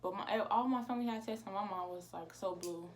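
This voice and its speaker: A woman's voice: medium pitch, fairly quick, a little hiss or hum. A teenage girl, casually telling a storytime vlog with lots of quoted dialogue. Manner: animated retelling with quoted dialogue. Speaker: vlogger.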